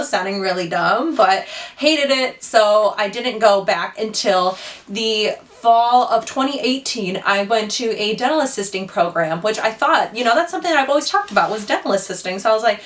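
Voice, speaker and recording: A woman's voice: medium pitch, a little fast, fairly bright tone, recorded from a distance. Young woman, twenties, casual vlogger, chatty filler-heavy delivery, mid-range voice, sits a little off-mic. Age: 20s. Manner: chatty, lots of "like" fillers, candid and self-critical. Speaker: beauty vlogger. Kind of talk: casual chat while doing makeup.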